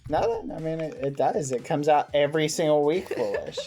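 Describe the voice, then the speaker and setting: A man streaming a survival game, chatting casually and yelping when startled. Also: brisk. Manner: excitable, yelps up high when startled. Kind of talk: casual gaming chat.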